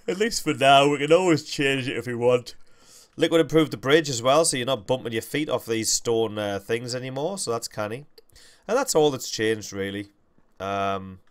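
A man's voice: medium pitch, smooth. A young man, hosting a game livestream with rambling, self-correcting, jokey commentary. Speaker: gaming livestream host.

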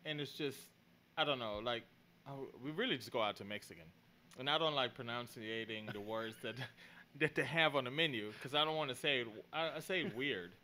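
A man's voice: mid-range voice, fairly quick, sharp tone, slight background noise. A man co-hosting a podcast, talking in an easygoing, rambling way with frequent restarts. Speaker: podcast co-host. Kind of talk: casual chat.

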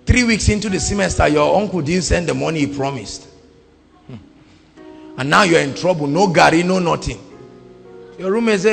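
Impassioned Nigerian preacher in an echoing hall. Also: male voice, expressive, moderate pace, creaky. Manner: impassioned, swings from shouting to low quiet asides. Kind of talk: sermon. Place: large church hall. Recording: echoing hall with faint music.

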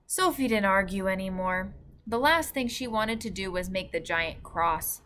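A woman teacher reading a storybook aloud to children, with calm, clear narration. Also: medium pitch, moderate pace, a little hiss or hum.

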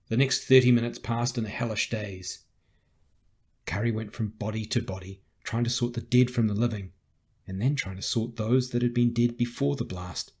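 A man narrating a science fiction audiobook in a measured, steady read. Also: fairly low pitch, husky. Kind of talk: scripted narration.

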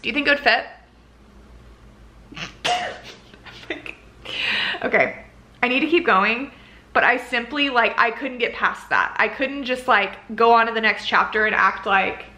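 Bright, excitable woman rambling to camera. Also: a little high. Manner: swears casually. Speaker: book vlogger. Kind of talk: casual reading vlog chat.

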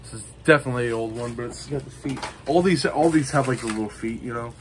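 A man's voice: mid-range voice, quick pace, a little hiss or hum. Rambling man in a casual show-and-tell. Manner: rambling, full of ums and you-knows. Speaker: vlogger showing his collection.

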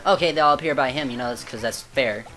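A man's voice: mid-range voice, fast, bright, forceful tone. A man giving let's play gaming commentary, frustrated and prone to swearing outbursts. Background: faint game music.

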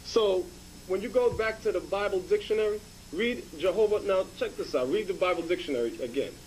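A man's voice: sits high, brisk, a little mellow, slight background noise, poor audio. A man giving informal Bible teaching, emphatic and repetitive, often checking with "okay?". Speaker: religious teacher.

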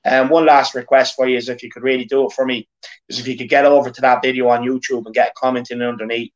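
Fast and level in tone, this mid-range male voice belongs to an Irish fan channel host of about thirty. Earnest and repetitive, he rants casually about football and rallies supporters, recorded in dull lo-fi sound.

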